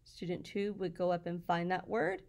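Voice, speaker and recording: A woman teacher walking through her classroom slides in a patient, explanatory way, sounding out words slowly. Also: on the low side, expressive, gravelly, darkish tone.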